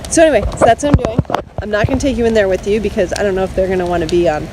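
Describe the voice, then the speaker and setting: A woman vlogging outdoors at night in pouring rain, telling an excited, emotional story and getting choked up. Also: medium pitch, very fast. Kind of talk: casual vlog monologue. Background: rain and passing traffic.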